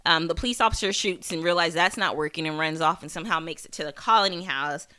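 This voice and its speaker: A woman's voice: fairly low pitch, fast, bright, forceful tone, clean tone. A woman hosting a podcast, recapping a TV episode in a casual, rambling way with many fillers and restarts, and swearing for emphasis. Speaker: podcast host.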